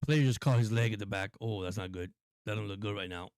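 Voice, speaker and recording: A man hosting a live stream and calling football play-by-play in an excitable, repetitive way, often addressing viewers. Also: fairly low pitch, quick pace, dry recording. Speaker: host and play-by-play caller.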